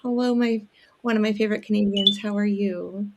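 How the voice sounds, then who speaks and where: Woman guest, middle pitch, playful and teasing, noisy call mic. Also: steady tone, a little fast, lo-fi sound. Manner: playful, coos over her cat. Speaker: regular guest in the chat. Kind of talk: casual chat.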